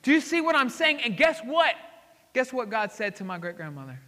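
High, bright-voiced excitable male pastor. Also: fairly quick. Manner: excitable, swings between loud exclamations and hushed asides. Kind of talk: sermon. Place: church sanctuary. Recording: hall reverb.

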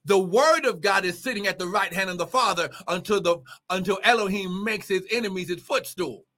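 Brisk and barely pausing, a male preacher delivers his livestreamed sermon in a high, bright, forceful voice. He's fervent, with frequent exclamations and repeated key phrases.

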